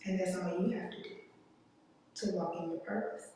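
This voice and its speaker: A woman giving an earnest, emotional personal testimony to a conference audience, speaking slowly with long pauses. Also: fairly low pitch, fairly even intonation, mellow, a little hiss or hum. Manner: slow, deliberate delivery with long pauses. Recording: echoey hall, distant mic.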